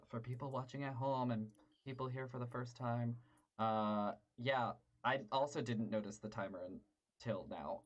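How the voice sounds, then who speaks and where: Halting male comedy host giving feedback. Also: medium pitch, muffled recording. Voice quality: halting, full of fillers. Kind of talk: casual spoken feedback. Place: comedy club.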